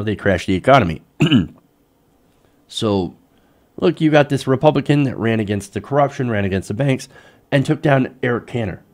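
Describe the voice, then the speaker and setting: A man's voice: mid-range voice, a little mellow. A young man giving heated, sarcastic political commentary as host of his own show. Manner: heated, sarcastic, mocks politicians in put-on voices.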